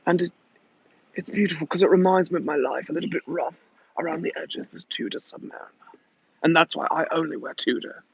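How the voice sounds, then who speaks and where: A man's voice: on the high side, fairly quick, creaky, dull audio, slight background noise. An American man putting on a British accent to play a laid-back male celebrity footballer who tells a dreamy, boastful story. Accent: put-on British.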